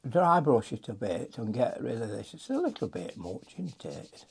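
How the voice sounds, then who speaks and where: A man's voice: medium pitch, huge pitch swings, normal speed, gravelly, a little mellow, breathy edge. An older man, chatting and muttering to himself as he demonstrates a watercolour painting.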